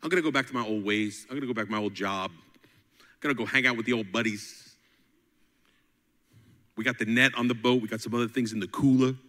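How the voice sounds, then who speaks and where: Man playing a gloomy fisherman quitting his calling; fast, offhand mutter, echoing hall. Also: medium pitch, fairly bright tone, pitched below the performer's own voice, lightly acted. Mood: resigned. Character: dejected male fisherman apostle going back to old ways.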